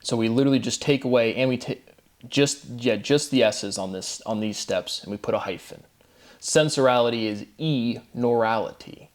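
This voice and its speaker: A man's voice: mid-range voice, normal speed. A man hosting his own channel, talking combatively in a rambling monologue and spelling out words letter by letter. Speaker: channel host. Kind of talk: monologue to camera.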